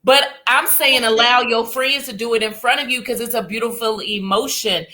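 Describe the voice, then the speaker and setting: A woman's voice: on the high side, fairly even intonation, normal speed, sharp tone. A woman co-hosting a casual podcast, giving emphatic, preachy advice to a friend. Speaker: podcast co-host.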